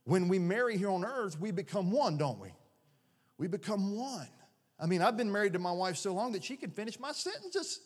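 A man in his forties preaching a sermon as a pastor, folksy and animated, with homespun jokes. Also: high voice, normal speed, slightly rough. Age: 40s. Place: church sanctuary. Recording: long church-hall reverb.

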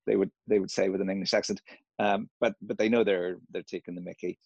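A middle-aged man with a Northern Irish accent softened by years in America, his voice very low and gravelly with a husky edge. He talks in a casual, hesitant way, full of fillers and restarts. The sound is dry and close. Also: little pitch movement, fast talker, no echo, highs cut off. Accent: Northern Irish, slightly Americanized. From Northern Ireland. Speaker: interviewee. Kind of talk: casual interview conversation.

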